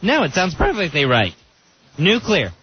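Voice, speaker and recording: A man with a high, animated voice co-hosts a casual radio talk show and drops quick jokes. The sound is lo-fi radio with faint hiss. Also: husky. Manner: playful, quick quips. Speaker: radio co-host.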